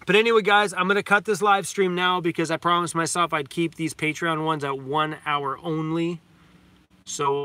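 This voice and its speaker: A man's voice: fairly high pitch, sharp tone, no echo. A man, hosting a casual livestream chat in a rambling, heartfelt way and talking fondly to his dog. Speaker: vlogger host.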